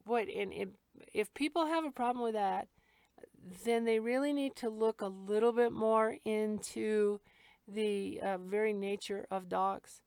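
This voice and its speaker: A woman's voice: medium pitch, a little slow, darkish tone, clear, resonant tone, no room sound. A middle-aged woman, a dog trainer, talking frankly and casually, laughing easily as she explains her methods.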